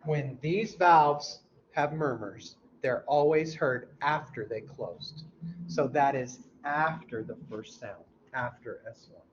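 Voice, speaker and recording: Slow-talking male teacher in a classroom. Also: mid-range voice. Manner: quizzes students, mimics heart sounds aloud. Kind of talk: classroom lecture. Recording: dull lo-fi recording with faint hum.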